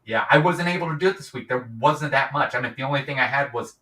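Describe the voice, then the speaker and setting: A man's voice: mid-range voice, quick pace, pushed and bright. Middle-aged man on a roomy video call. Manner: rambling, many restarts and fillers. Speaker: guest, YouTube creator. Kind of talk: casual interview chat. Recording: roomy, distant from mic.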